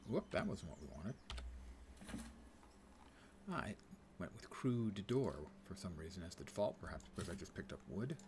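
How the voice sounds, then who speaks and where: Male streamer on the lower side, laid-back gameplay commentary with wry self-talk, over audible background noise. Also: sing-song, normal speed, long pauses. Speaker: game streamer.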